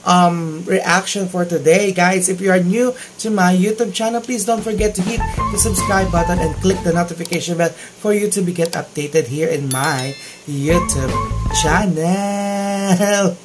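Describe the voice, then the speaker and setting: A man's voice: sits high, low-quality recording. A man with a Filipino accent hosting a casual reaction video, gushing with exclamations of amazement. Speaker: YouTube reaction vlogger.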